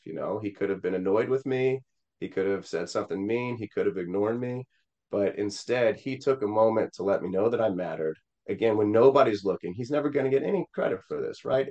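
A man's voice: fairly low pitch, a little mellow, lo-fi sound. A man from Missouri, a political candidate, telling a personal story in an interview in an earnest, rambling way. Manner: earnest, many fillers and restarts.

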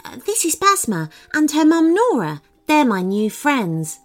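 A woman voicing a shy, nervous little female unicorn who speaks softly and hesitantly. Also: high voice, huge pitch swings, a little slow, faint music behind, pitched above the performer's own voice, heavily acted. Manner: soft, hesitant.

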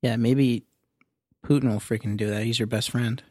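A man's voice: medium pitch, steady tone, normal speed, mellow, no room sound, studio quality. A man co-hosting a podcast, swearing freely in laid-back, casual chat. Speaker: podcast co-host.

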